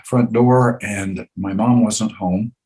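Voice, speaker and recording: A man in his seventies, a guest in a conversation, telling a personal story with lively repetition and frequent chuckles. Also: fairly low pitch, slow pace. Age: 70s. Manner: animated, chuckles often, repeats phrases for effect.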